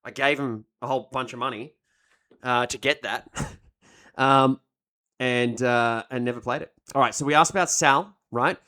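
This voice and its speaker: A man giving casual gameplay commentary as a streamer, excitable and joking, swearing a lot and breaking into loud mock voices. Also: medium pitch, moderate pace. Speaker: let's-play streamer.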